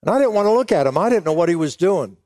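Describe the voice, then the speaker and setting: A man's voice: high-pitched, animated, a little mellow, no room sound, clean studio sound. A middle-aged man preaching to pastors, telling an emotional story and acting out both sides of remembered talk. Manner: emotional storytelling, slows down for weight. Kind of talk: sermon.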